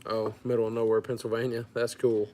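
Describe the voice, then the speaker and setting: A man's voice: mid-range voice, brisk, slight background noise. Laid back guy from louisiana doing a fishing livestream, answering chat, plain mid voice. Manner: relaxed, reads out and answers viewer comments. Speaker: fishing channel host.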